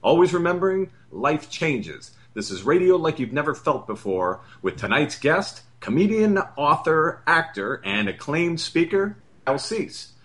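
A male announcer reading a scripted radio show intro with grand emphasis. His pitch swings widely, rising on key words. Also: big pitch swings, unhurried, fairly bright tone.

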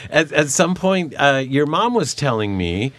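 A man hosting an audio interview, halting and repeating his words, and laughing often. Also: a little high, sing-song, fairly bright tone. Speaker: host.

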